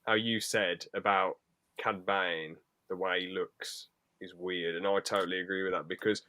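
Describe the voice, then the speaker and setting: A man's voice: low voice, steady tone, normal speed, sharp tone, dry recording. A man co-hosting a podcast in casual chat, rambling with sweary, jokey asides. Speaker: podcast co-host.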